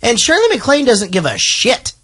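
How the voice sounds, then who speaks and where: A man's voice: very high voice, wildly swooping pitch, moderate pace, fairly bright tone, husky. A man hosting a movie podcast, chatting casually and rambling, joking and swearing. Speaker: podcast host. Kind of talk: casual movie-review chat.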